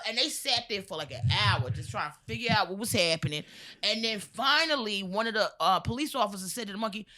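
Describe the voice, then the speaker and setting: Animated American woman comic storyteller. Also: medium pitch, brisk. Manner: animated storyteller, acts out voices and monkey noises. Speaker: comedian guest. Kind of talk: telling a long street joke on a podcast.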